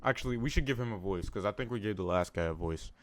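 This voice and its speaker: A man's voice: fairly low pitch, lively intonation, fast talker, slight background noise. A man reading scripture aloud in a casual way, earnest but with joking asides and small stumbles. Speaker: Bible reader. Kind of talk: casual Bible reading with commentary.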